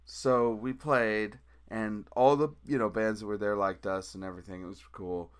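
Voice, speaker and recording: A man's voice: on the low side, moderate pace, clear, resonant tone. A man on a podcast as a guest musician, telling a story casually and acting out the quotes. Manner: animated, acts out quotes in the story.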